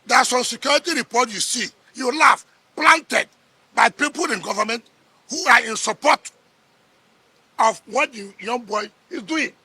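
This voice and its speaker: Combative high-voiced Nigerian man. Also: moderate pace, pushed and bright, slightly rough, dry recording. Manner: combative, repeats words, scoffing. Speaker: politician. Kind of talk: heated press interview.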